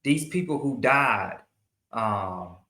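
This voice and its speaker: A man's voice: medium pitch, expressive, takes it slowly, pushed and bright, reverberant. A man hosting his own show, giving earnest opinion commentary in a monologue and often repeating and restarting his phrases. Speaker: show host.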